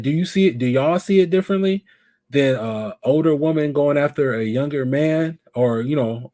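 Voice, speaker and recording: Animated man chatting on a live stream. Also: medium pitch, no room sound, studio quality. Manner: animated, asks viewers questions. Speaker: live show host. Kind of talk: casual live stream chat.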